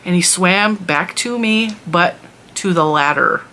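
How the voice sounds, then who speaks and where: A woman's voice: lowish voice, a little slow, pushed and bright. A woman telling a long story in a casual vlog, chatty and rambling with lots of restarts. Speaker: vlogger and mother.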